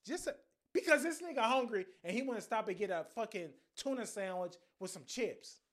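High-voiced young man telling a story. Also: brisk. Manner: animated, profane, slangy storytelling. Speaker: podcast host. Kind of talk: casual storytelling monologue.

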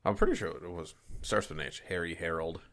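Chill young dude, real low voice, cussing and trailing off while talking movies. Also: male voice, quick pace, fairly bright tone. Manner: laid-back, swearing, trailing off mid-sentence. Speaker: podcast co-host. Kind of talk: casual banter.

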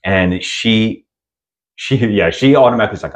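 A man's voice: on the low side, moderate pace. A man co-hosting a podcast, retelling a film in a casual, rambling way with many restarts. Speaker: podcast co-host reviewing films. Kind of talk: casual chat.

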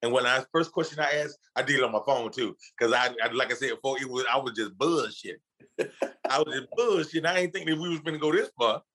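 A man's voice: medium pitch, fast, breathy edge, low-quality recording. A man guest in a casual interview, telling a story in loose, profane street slang and acting out the people he quotes. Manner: animated storyteller, acts out quotes with laughs.

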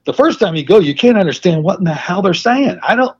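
Male guest, raised husky voice, profane storyteller, dull lo-fi recording. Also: sits high, quick pace. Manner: profane, animated anecdotes. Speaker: guest, wrestling manager. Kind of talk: casual storytelling interview. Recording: muffled lo-fi sound.

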